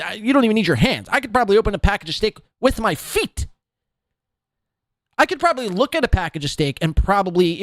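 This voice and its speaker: A man's voice: sits high, no echo, studio quality. A man hosting a podcast, ranting sarcastically and with a lot of swearing as he reacts to clips. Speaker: podcast host.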